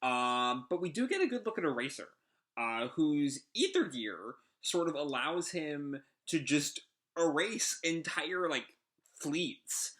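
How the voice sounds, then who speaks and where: A man's voice: a little high, animated, takes it slowly, a bit bright. A man hosting a casual live reaction to a manga chapter, rambling with lots of fillers.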